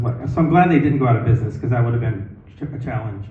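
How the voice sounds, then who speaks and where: A man's voice: medium pitch, lively intonation, quick pace, hardly any pauses. A man in his fifties doing rambling open-mic stand-up with lots of fillers and restarts. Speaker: stand-up comic. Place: comedy club stage. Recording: distant, roomy, tinny phone-like recording.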